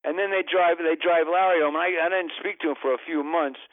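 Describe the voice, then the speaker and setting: An older comedian spins a long, wandering story on a radio show, cutting himself off and piling on exasperated asides. His voice sits a little high. It comes through a dry, tinny phone line. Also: fairly even intonation, a little fast, no echo. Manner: rambling, self-interrupting, exasperated asides. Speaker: comedian, guest.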